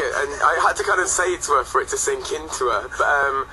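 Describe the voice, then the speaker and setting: A man's voice: mid-range voice, fast, sharp tone, rough recording. A young man from England, a guest in a radio studio telling stories in a laid-back, chatty way. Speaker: guest singer. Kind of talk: casual radio chat.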